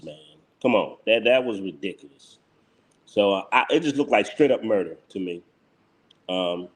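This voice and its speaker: A man hosting his own channel, giving blunt, heated live reaction commentary that repeats its points and breaks into laughter. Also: lowish voice. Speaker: channel host.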